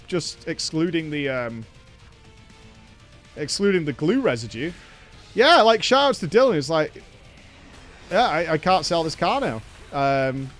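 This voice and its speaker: A man chatting casually with his live-stream chat, telling a story with lively, acted-out dialogue and casual swearing. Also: a little high.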